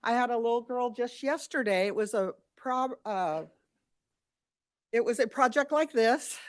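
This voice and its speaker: Chatty lady sewing teacher talking to the school board, lively, kinda high voice. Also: unhurried. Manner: animated, chatty, quotes the kids. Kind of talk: public comment at a school board meeting.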